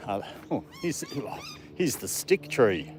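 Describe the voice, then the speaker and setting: Speaking slowly but very animatedly in a lowish voice, a man walks his dog in a park, chatting on a live stream and talking to the dog. Faint sounds of the outdoors come through.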